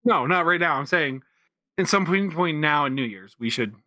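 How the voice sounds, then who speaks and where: Podcast co-host, man, bright voice, rambling casual delivery, dry close mic. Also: a little high, lively intonation, moderate pace, dry recording. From Pennsylvania, USA. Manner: rambling, lots of restarts and fillers. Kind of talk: casual chat.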